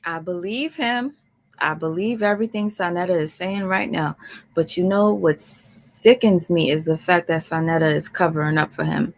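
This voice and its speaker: A slightly low woman's voice with a calm, conversational manner. She hosts a livestream and speaks straight to her viewers, commenting on a played clip. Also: normal speed. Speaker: livestream host.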